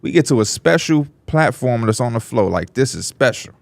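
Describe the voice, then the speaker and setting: A man co-hosting a podcast, telling stories in an animated way and acting out the voices of people in them. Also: mid-range voice, normal speed, vocal fry, dry recording. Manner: animated, laughing, acts out voices in his stories. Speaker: podcast co-host. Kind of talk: casual storytelling among friends.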